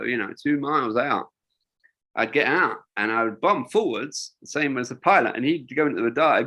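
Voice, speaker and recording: A man's voice: mid-range voice, expressive, normal speed, bright, forceful tone. An older man, a wingsuit designer, telling rambling stories in a casual interview, with lots of fillers and restarts.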